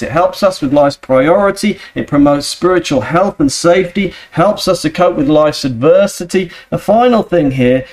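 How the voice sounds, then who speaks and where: Male preacher, earnest sermon delivery, fairly high voice. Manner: earnest, rhetorical questions, building emphasis.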